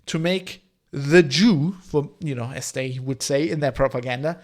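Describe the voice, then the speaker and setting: A man's voice: a little high, moderate pace. A man in his thirties speaks in a slightly raised register. He hosts a live-streamed solo podcast and talks things through in long, discursive asides. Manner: discursive, explaining history in long winding asides. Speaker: podcast host.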